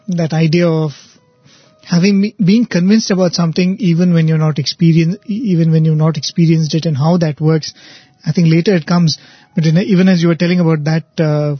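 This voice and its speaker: Thoughtful husky man. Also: fairly high pitch, no room sound, muffled recording. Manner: thoughtful, halting, self-correcting. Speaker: co-host of a spiritual talk show. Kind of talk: conversational discussion.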